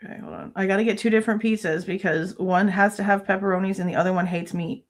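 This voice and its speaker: A woman's voice: medium pitch, fairly even intonation, quick pace. A woman in her thirties hosting a true crime livestream, venting angrily with frequent swearing in casual commentary.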